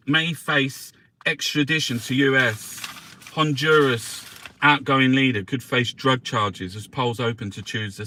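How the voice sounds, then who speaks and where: A man hosting a casual live newspaper review, swearing often and chatting to his viewers with jokey asides. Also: mid-range voice. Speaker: livestream host reviewing newspapers. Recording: faint background noise.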